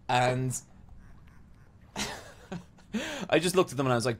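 A man's voice: medium pitch, very animated, a little slow, long pauses. A man in his thirties hosting a podcast in casual chat, rambling, self-mocking and swearing freely. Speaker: podcast host. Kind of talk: casual chat playing a game.

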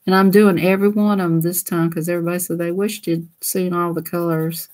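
A woman's voice: on the low side, level tone, brisk, darkish tone. A woman who hosts a coloring channel chats casually while she colors. She giggles a lot and keeps slipping into silly voices.

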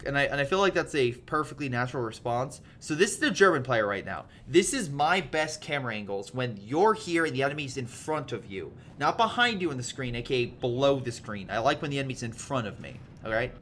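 A man's voice: mid-range voice, fairly quick, few pauses, slight background noise. Upbeat man casting a game replay. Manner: chatty, animated, lively asides to viewers. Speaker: video game replay caster. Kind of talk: play-by-play game commentary.

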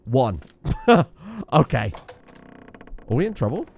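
A man commentating on his video game play in a casual, sweary and joking way. His voice moves around a lot in pitch, sitting in a middle register. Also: very animated, normal speed, a little hiss or hum. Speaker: let's play gamer.

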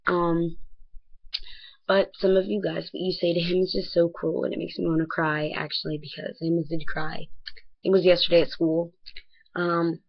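A teenage girl vlogging casually in a rambling way, full of fillers and often dropping to a soft near-whisper. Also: fairly low pitch, gravelly, muffled recording. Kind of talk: casual bedroom vlog.

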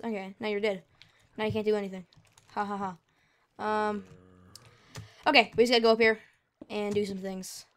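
A woman casually commenting while she plays a video game, rambling and getting frustrated with lag. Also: mid-range voice. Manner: rambling, easily frustrated, talks to herself. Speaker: gamer.

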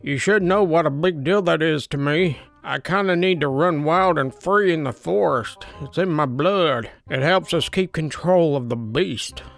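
Woman putting on a gravelly, whining creep of a man. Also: low voice, a little slow, hardly any pauses, faint music behind. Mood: pushy. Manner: quivering, pleading, breathy near-whisper. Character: creepy pushy unkempt adult man.

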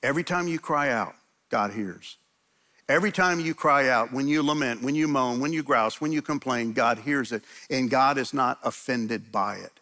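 A man's voice: mid-range voice, moderate pace, sharp tone. A man pastor preaching a sermon in a church, conversational and emphatic, often restarting his sentences.

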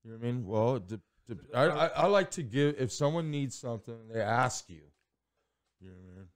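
A man's voice: medium pitch, fairly quick. A man telling rambling, profane stories in casual podcast chat, acting out what people said. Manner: profane, animated storyteller acting out quotes. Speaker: podcast guest.

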